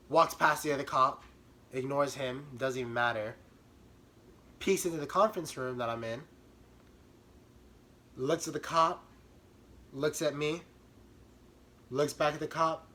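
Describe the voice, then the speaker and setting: A young man telling a comic storytime about himself in an animated, self-mocking way. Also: on the high side, a little slow, pauses often. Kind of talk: comedic storytime.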